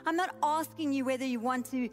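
Woman pastor, high voice, emphatic repeating sermon cadence, soft music underneath. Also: a little fast. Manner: emphatic, repetitive preaching cadence.

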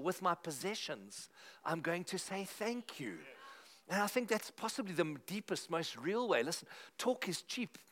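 A middle-aged pastor, preaching a sermon. His delivery is conversational and lively, and he drives his points home through emphatic repetition. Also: fairly high pitch, normal speed.

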